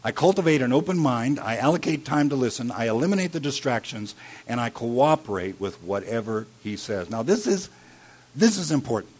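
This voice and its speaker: Man, pastor, sermon, husky, mid-pitched, shifts from emphatic to hushed. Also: very animated, fairly quick. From Iowa. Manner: storytelling with wide swings from loud emphasis to hushed quiet.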